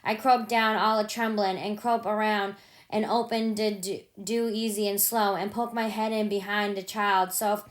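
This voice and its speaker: A woman reading aloud as a remorseful grown man telling a painful memory, slow and halting with sudden loud bursts. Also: mid-range voice, little pitch movement, close to an everyday voice. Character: grieving grown man, remorseful father, folksy.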